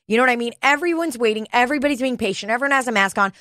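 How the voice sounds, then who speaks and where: A woman's voice: fairly high pitch, racing, a bit bright, dry recording, studio quality. A woman co-hosting a podcast, telling a story in casual, profane chat. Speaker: podcast co-host. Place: podcast studio.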